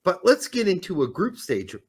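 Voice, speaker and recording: Man, co-host, casual sports chat, animated pitch, joking, slightly high voice. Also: moderate pace, breathy edge. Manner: lively, joking, animated delivery. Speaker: podcast co-host.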